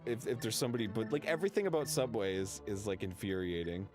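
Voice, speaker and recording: A man's voice: fairly low pitch, fast, music in the background. A man in a casual chat as a co-host, ranting and acting out exasperated quotes.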